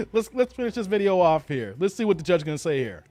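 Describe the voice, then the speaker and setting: A man hosting a live reaction show, reading out chat comments and laughing often. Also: sits high. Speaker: show host reacting to a clip.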